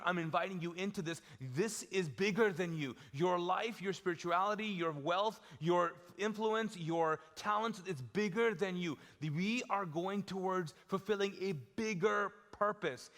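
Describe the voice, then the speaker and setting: A man's voice: high voice, fairly bright tone. A man preaching a live sermon as pastor, talking casually to the congregation and acting out quoted lines with self-deprecating asides. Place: large church auditorium. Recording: long hall reverb from a live church.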